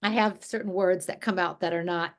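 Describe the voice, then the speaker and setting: A woman from New Jersey leading an energy healing group over a video call, talking in a relaxed, rambling way with many restarts. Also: lowish voice, moderate pace. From New Jersey, USA. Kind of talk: casual guided group talk.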